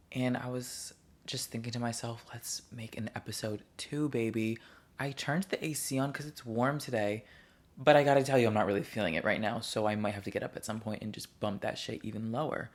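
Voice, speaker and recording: A young man hosting his own podcast from his couch at home, chatting casually and rambling from one topic to the next. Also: medium pitch. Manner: rambling, chatty, easily sidetracked. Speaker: podcast host. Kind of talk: casual solo podcast chat. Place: living room couch at home.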